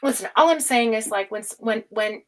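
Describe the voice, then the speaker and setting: A woman giving a casual livestream tarot reading, excitable, swearing freely and laughing often. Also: fairly high pitch, a little fast, poor audio. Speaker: tarot reader.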